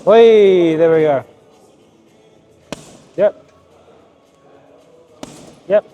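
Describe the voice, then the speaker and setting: A man works as a boxing coach in a gym. His voice sits high for a man, and he keeps firing brisk, repeated cues to his fighter. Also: highs cut off, faint music behind. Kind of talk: hands-on coaching session. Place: boxing gym with heavy bag.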